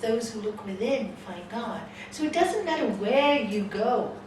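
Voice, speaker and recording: A woman's voice: fairly high pitch, measured pace. A woman yoga teacher giving a spiritual talk, telling a story and acting out the voices in it. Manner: animated storyteller, acts out the voices in her story. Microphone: distant room mic. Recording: echoey hall from far off, noisy ambience.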